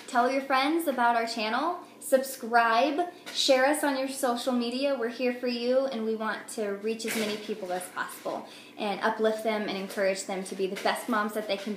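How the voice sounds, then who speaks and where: Young mom vlogger, frank and earnest, higher voice; roomy echo on the recording. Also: female voice. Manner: earnest and frank, with filler ums. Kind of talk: casual talk to camera. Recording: echoey room with faint noise.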